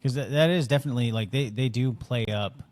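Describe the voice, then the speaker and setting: Male podcast co-host, mid pitch, rambling conspiratorial chatter. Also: a little mellow. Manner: halting, conspiratorial, lots of restarts. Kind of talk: casual chat.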